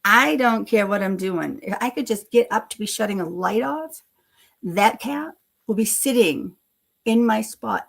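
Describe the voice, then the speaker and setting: A woman's voice: medium pitch, moderate pace, vocal fry, a bit bright. A middle-aged woman hosting a casual live stream, rambling, self-deprecating, laughing often and swearing freely.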